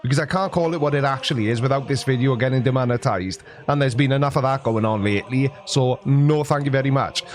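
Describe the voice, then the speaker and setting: A man's voice: medium pitch, fast, few pauses. A Welsh man in his forties with a sarcastic, jokey delivery, giving a comic monologue. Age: 40s. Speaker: YouTuber.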